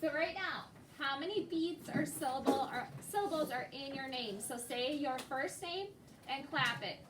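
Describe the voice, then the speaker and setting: Teacher, woman, high voice, patient questioner, recorded from afar in a noisy classroom. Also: moderate pace. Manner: patient, prompting questions to students by name. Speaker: second grade teacher. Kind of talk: classroom instruction. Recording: echoey classroom, distant noisy mic.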